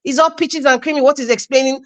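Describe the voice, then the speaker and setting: A Nigerian woman speaking in a high voice at an online debate. She argues with emphatic scorn and restarts her sentences as she pushes her point. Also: fairly even intonation, quick pace. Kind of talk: impassioned political argument.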